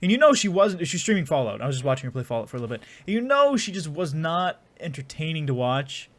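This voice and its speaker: Fast and on the high side, this young man's voice swings widely in pitch. He rambles and cracks crude jokes while casually commentating on the game he's playing.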